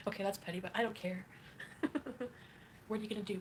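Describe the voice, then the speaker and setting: A woman's voice: medium pitch, fairly even intonation, fast talker, long pauses, slight background noise. A woman livestreaming, reading chat and ranting in a catty, mocking way with frequent laughs.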